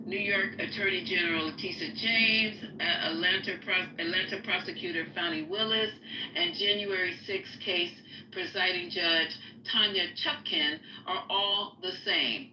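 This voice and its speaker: A woman hosting a live stream, reading a news article aloud with halting fillers in a casual way. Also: on the low side, reverberant, noisy background. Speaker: livestream host.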